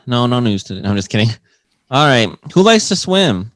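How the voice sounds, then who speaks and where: A man with a mid-range voice whose pitch swings animatedly as he teases his co-hosts and tells odd news stories. The recording is dry and close, with no room sound. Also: brisk, dry recording. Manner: teasing, lively storytelling. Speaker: podcast co-host, news segment. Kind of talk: casual chat.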